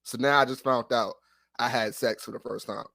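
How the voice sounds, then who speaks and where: A man telling a long story in casual chat on a sports podcast, animated and profane, full of restarts. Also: mid-range voice, normal speed, vocal fry, no echo. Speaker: podcast co-host.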